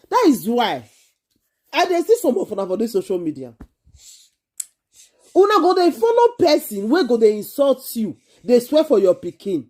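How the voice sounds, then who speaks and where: A woman with a Nigerian accent, hosting an excited monologue to camera in an emphatic, repetitive, exclaiming way. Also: mid-range voice, normal speed, pauses often. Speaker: vlogger host.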